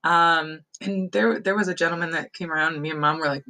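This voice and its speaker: A woman's voice: fairly low pitch, steady tone, fairly quick, hardly any pauses, bright, forceful tone, low-quality recording. Woman, casual vlog storytelling, rambling, laughs as she talks, lots of fillers. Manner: rambling, laughs often, many restarts and fillers. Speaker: vlogger.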